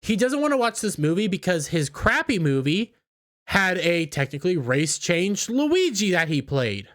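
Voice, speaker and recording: A man's voice: high voice, big pitch swings, normal speed, a bit bright. A man giving opinionated commentary in an indignant, scornful, ranting manner. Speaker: YouTube commentator.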